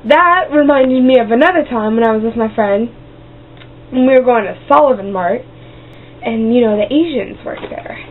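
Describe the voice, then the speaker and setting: High-pitched girl rambling goofy stories w sound effects, tinny phone-ish audio, bit of hiss. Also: normal speed. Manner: goofy, bouncy, tosses in sound effects and silly voices. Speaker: vlogger. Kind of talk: rambling comic storytelling.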